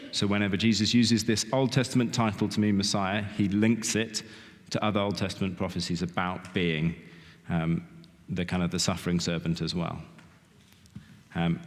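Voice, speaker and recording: A middle-aged man giving a sermon in a church, talking in a conversational way, often asking "okay?" and saying "kind of". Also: fairly low pitch. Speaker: lay preacher. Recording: long reverb of a church hall.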